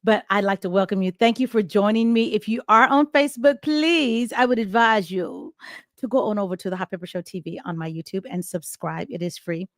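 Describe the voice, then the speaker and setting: A woman's voice: medium pitch, brisk, dry recording, clean studio sound. Chatty middle-aged woman hosting a live stream. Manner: chatty, rambling with frequent restarts and laughs. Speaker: host. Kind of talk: casual live-stream chat. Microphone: webcam close to face.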